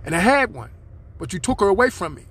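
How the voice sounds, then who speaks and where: A man's voice: high-pitched, sing-song, quick pace, a bit bright, husky. A man hosting his own podcast, speaking, in a rambling, aggrieved monologue aimed straight at his listeners. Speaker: podcast host.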